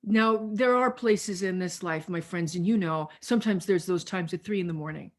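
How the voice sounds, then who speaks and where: A woman pastor preaching a sermon over a video call, deliberate and repetitive, drawing out her key phrases for emphasis. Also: on the low side.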